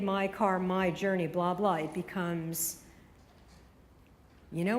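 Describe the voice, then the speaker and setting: A woman radio consultant delivers a conference keynote, firing emphatic rhetorical questions at the audience in a lowish, slightly mellow voice. The recording has hall reverb, faint room ambience and a little hiss or hum.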